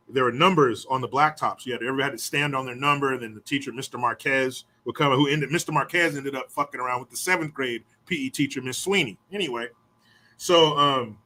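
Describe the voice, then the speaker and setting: A middle-aged man casually telling profane, animated stories from his school days, acting out what others said. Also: a little high. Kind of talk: casual storytelling.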